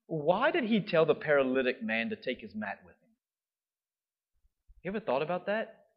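A man preaching a sermon in a lively, conversational way, often checking in with the listeners. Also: a little high. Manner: animated, conversational, often asks "right?". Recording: dull lo-fi sound.

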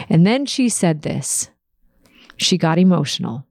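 Gravelly-voiced woman telling a personal story. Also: on the low side, moderate pace, a little mellow, no room sound, studio quality. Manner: emotional, tells story with quoted dialogue. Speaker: podcast host.

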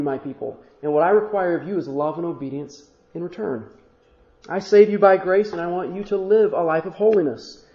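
A man's voice: high voice, darkish tone, echoey room, muffled recording. A man preaching a sermon as a pastor, earnest, often speaking God's words in the first person.

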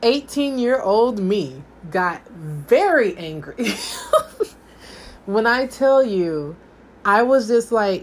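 Young woman doing a storytime vlog, animated, quoting herself, bit of faint background hiss. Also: medium pitch, takes it slowly. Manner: animated storytelling, quoting her past self. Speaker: vlogger.

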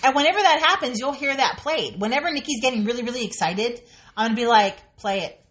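Woman co-host, casual and frank, swears, slightly high voice. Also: fast, a bit bright. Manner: candid and chatty, swears freely. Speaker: podcast co-host. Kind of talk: casual chat.

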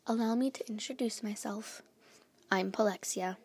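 A woman's voice: medium pitch, normal speed, breathy edge. A woman voicing a mysterious, kind woman who speaks sweetly and reassuringly. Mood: calm. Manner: soft and reassuring.

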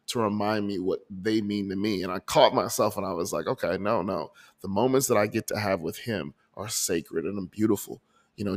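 A man hosting his own podcast, talking earnestly and emotionally about his month, often restarting his sentences. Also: on the low side. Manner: earnest, emotional, many restarts and repeated words. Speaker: podcast host. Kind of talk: reflective personal audio journal. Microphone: desk microphone.

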